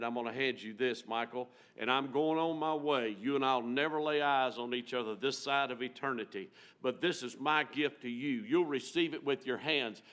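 Man, guest preacher, folksy storytelling sermon, loud-to-hushed swings, church sanctuary, middle pitch. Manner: folksy, emotional, rises loud and drops to near-hush.

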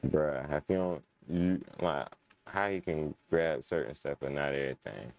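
A man's voice: extremely low pitch, animated, measured pace, creaky, a little mellow, a little hiss or hum. A young man casually commenting while playing a game, chatting to his viewers and muttering when frustrated. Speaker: gaming channel host. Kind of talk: casual let's-play commentary.

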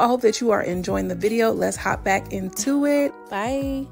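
A woman's voice: a little high, moderate pace, creaky, hardly any pauses. A woman dropping in with a breezy, playful plug that asks viewers to subscribe. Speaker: vlogger. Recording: music playing under voice.

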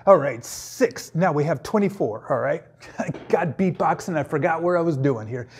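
A man's voice: on the high side, lively intonation, moderate pace, a little mellow, slightly rough. A man teaching a playful math lesson, cracking jokes and breaking into sing-song bits between steps. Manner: goofy, jokey, sings and puts on silly voices.

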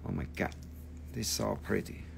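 A man's voice: fairly low pitch, steady tone, moderate pace, gravelly, background noise. A man hosting a casual live stream where he sells rocks and crystals, joking, rambling, and swearing freely. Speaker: crystal shop host.

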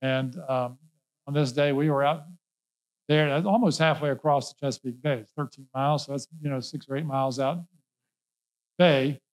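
A man's voice: medium pitch, fairly even intonation, moderate pace, low-quality recording. A male pastor preaching a sermon, emphatic and folksy, repeating key words and mixing in casual asides. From Norfolk, Virginia.

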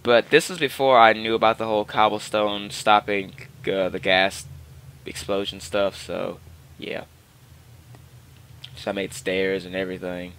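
A man's voice: fairly low pitch, a bit bright, a little hiss or hum. A man giving rambling, casual gameplay commentary into his own microphone, full of fillers and restarts. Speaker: gaming channel host. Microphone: personal microphone.

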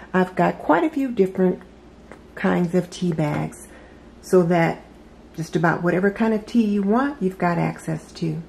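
A woman's voice: fairly low pitch, creaky, darkish tone, a little hiss or hum. A middle-aged woman giving a chatty, upbeat, homey show-and-tell tour of her kitchen decor. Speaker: home decor vlogger. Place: home kitchen. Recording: roomy echo, a little far from the mic.

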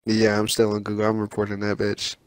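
A man reading game reviews aloud with a friend over voice chat, deadpan and profane. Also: on the low side, a little fast, clear, resonant tone, no echo, low-quality recording. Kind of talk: casual voice-chat banter. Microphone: voice chat mic.

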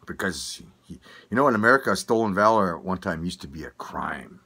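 A man's voice: deep voice, expressive, fairly quick, pushed and bright, husky. An older man with a Manitoba Canadian accent, rambling through a casual opinion rant, swearing and stumbling over restarts. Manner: rambling, swearing, laughing often, many restarts. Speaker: vlogger.

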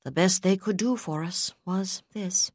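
A woman voicing a calm, composed female officer who speaks in a measured, slightly wry way. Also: fairly low pitch, no room sound, clean studio sound, voice pushed up.

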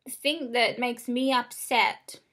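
Young adult woman, slightly high voice, upset and candid vlog vent with frequent swearing, close-up room sound. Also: fairly even intonation, takes it slowly, a bit bright. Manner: upset, rambling and frank, swears often. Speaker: vlogger. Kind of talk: casual venting to camera. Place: small room indoors.

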